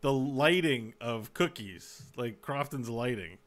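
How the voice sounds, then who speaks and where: A man's voice: mid-range voice, animated, slow, crowd noise. A man co-hosting a podcast in casual chat, blunt and joking, with many restarts. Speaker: podcast co-host.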